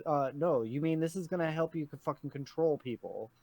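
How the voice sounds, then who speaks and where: A man's voice: on the high side, a little fast, darkish tone, no room sound. A man from New York state co-hosting a podcast, talking casually and ranting with lots of swearing. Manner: heated, swearing ranter. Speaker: podcast co-host. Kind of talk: casual chat.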